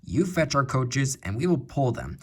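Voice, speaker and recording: A man playing a proud, rude big engine from a storybook, talking down haughtily in a husky, lively voice. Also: mid-range voice, normal speed, pitched above the performer's own voice. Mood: haughty.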